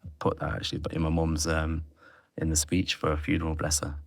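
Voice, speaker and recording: Man, podcast guest, low voice, dry close sound, reflective, halting phrasing. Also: completely flat delivery, vocal fry, no room sound. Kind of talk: candid interview conversation.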